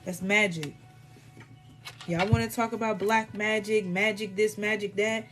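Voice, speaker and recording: A woman's voice: mid-range voice, fairly even intonation, measured pace, a bit bright, soft background music. A woman doing a casual live tarot reading, talking in a blunt, rambling way full of swearing. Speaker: tarot reader.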